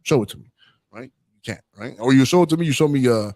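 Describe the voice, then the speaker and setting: A man's voice: mid-range voice, animated, fast, dark tone, no room sound. A man hosts a talk show in a loose, rambling way, pressing his opinions and checking in with his listener. His voice is recorded dry and close, with almost no room sound. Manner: rambling, opinionated, tags lines with "right?" and "man". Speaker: host.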